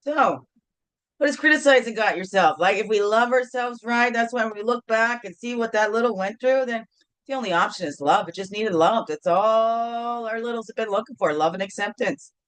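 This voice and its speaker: A woman's voice: fairly high pitch, normal speed, fairly bright tone, no echo. A middle-aged woman hosting a casual morning video chat from home, playful and rambling, with sing-song bits. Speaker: host.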